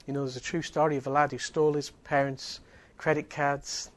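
A man's voice: a little high, little pitch movement, brisk. Earnest preacher man. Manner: emphatic, earnest preaching with repeated phrases. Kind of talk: sermon.

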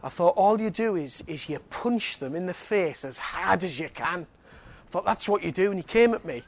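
A high-pitched man, preaching from the pulpit. He tells his stories with animated energy, often laughing and restarting his sentences. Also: moderate pace. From Northeast England. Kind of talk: sermon with a personal story.

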